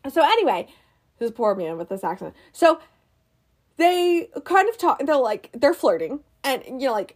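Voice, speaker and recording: A young woman with a slightly raised pitch talks in a casual, rambling chat. She restarts her sentences often and laughs easily as she tells the story. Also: big pitch swings, normal speed. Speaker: movie review vlogger. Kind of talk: casual chat recapping a movie.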